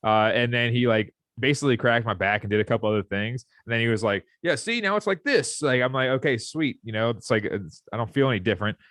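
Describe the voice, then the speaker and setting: A man's voice: medium pitch, fairly even intonation, quick pace, hardly any pauses, fairly bright tone, no room sound, studio quality. A young man co-hosting a casual podcast, telling easygoing stories and laughing often. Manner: laid-back storyteller, laughs often. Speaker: podcast co-host. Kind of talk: casual chat.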